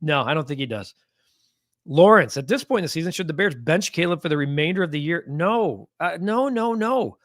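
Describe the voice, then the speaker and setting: A man with a fairly high voice hosts a live sports chat, reacting to viewer comments. He talks in an animated, heated way that swings up and down, recorded dry and close. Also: brisk, no room sound. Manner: animated, gets heated and rants. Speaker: sports show host reading live comments. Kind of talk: casual live-stream sports talk.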